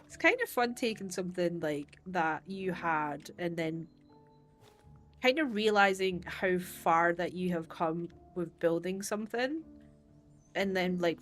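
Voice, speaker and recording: A woman talks through her game on a livestream in a lowish voice, taking her time as she thinks aloud. Her chatty musing breaks into quick bursts of excitement. Faint music plays behind her. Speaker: game streamer. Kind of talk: casual livestream commentary while playing.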